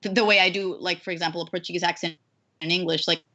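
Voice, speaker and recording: A woman voice actress chatting as an interview guest, animated, with lots of fillers and restarts. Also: on the low side, quick pace. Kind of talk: casual interview chat.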